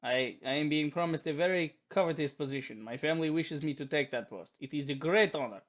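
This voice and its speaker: A man voicing a brooding, self-doubting young male mage in a put-on Russian accent, speaking in formal, halting phrases. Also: fairly high pitch, fairly bright tone, voice pushed down, lightly acted. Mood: solemn.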